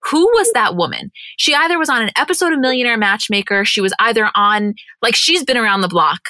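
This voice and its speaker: A young woman co-hosting a podcast in casual, chatty, animated talk that includes casual swearing. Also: fairly high pitch, fast, dry recording. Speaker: podcast co-host. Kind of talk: casual chat.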